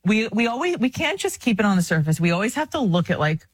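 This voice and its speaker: A woman's voice: medium pitch, big pitch swings, fast, hardly any pauses, husky, dry recording. A woman in her thirties co-hosting a casual faith talk, earnest and chatty, often breaking into laughs. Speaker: podcast co-host.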